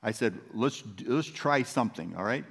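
A man's voice: mid-range voice, animated, moderate pace, creaky, breathy edge, long reverb tail. A man, a pastor, preaching a sermon in a conversational, storytelling manner.

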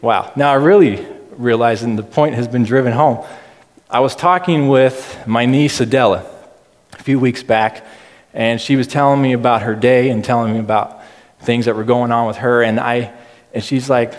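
A man giving a casual, chatty sermon in a low-key, self-deprecating way. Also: fairly even intonation, normal speed. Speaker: preacher. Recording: reverberant hall.

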